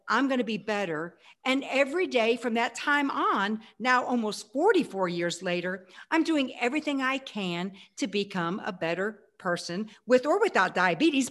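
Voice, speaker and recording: A woman in her sixties telling her life story as an interview guest, animated and acting out her past self. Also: on the high side, moderate pace, few pauses. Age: 60s.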